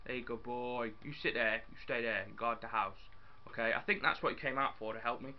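A young man chatting casually as he plays a building game, excitable and talking to his viewers and his in-game dog. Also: mid-range voice, fast, lo-fi sound, a little hiss or hum. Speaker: gaming YouTuber.

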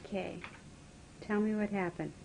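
A woman, a mother filming a home video, asking her child brisk questions and directing the shot. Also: mid-range voice, steady tone, vocal fry, darkish tone, a little hiss or hum, low-quality recording. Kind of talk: casual home video interview.

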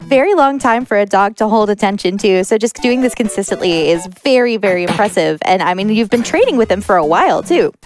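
A woman's voice: mid-range voice, animated, fairly quick, hardly any pauses, faint music behind. A woman commentating a speedrun on a live event stage in a chatty, enthusiastic way.

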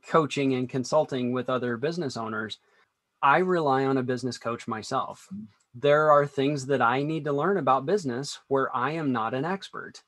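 A man's voice: mid-range voice, no room sound. Man guest explaining business advice steadily. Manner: steady, explanatory, draws on teaching music. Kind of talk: conversational interview.

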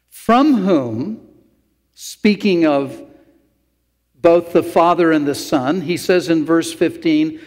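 A man preaching a sermon as pastor, talking through the verses in a conversational way with asides to the congregation. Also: high voice. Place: church sanctuary. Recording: long church hall reverb.

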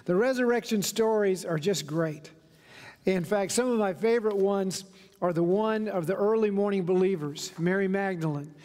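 A male pastor preaching a sermon, retelling stories as he goes and slowing down to stress key points. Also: sits high, a little mellow. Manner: storytelling preacher, slows down for emphasis. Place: church sanctuary. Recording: long reverb of a church hall.

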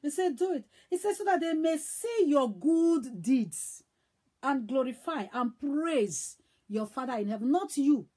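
A woman evangelist preaching a sermon, emphatic and repetitive, swinging between loud and hushed. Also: high-pitched, animated, unhurried.

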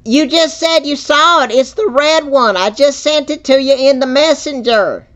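A man's voice: very high-pitched, normal speed, fairly bright tone. A man voicing a flustered, easily confused older woman who rambles and repeats herself on a muffled call. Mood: chatty, insistent. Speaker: scam baiter. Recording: muffled phone-call audio.

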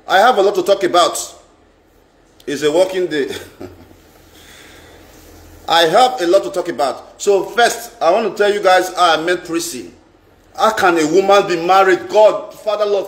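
A Nigerian man telling a story in a dramatic, repetitive, boastful vlog rant. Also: sits high. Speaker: vlogger. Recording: roomy echo.

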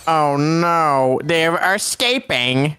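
A man voicing a grumpy, smug male cartoon squid in a high, nasal, drawn-out voice. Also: animated, pushed and bright, clear, resonant tone, faint music behind, full character voice. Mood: gloating.

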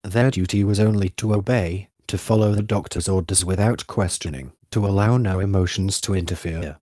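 Deep-voiced male audiobook narrator. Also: normal speed, warm tone, no echo, clean studio sound. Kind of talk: scripted literary narration.

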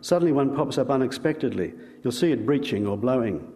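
A man with an Australian accent voicing a calm, practical young woman who explains patiently. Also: medium pitch, brisk, long reverb tail, lightly acted.

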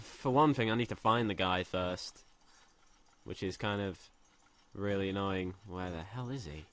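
Excitable young man gaming. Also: lowish voice, moderate pace. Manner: excitable, swears a lot, shouts when thrilled. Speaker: gaming commentator. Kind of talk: let's play commentary.

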